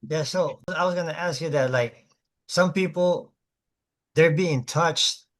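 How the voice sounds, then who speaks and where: A man's voice: fairly high pitch, unhurried. A man hosting a casual conversation, speaking in a laid-back way with short affirmations and loose, rambling asides. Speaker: host.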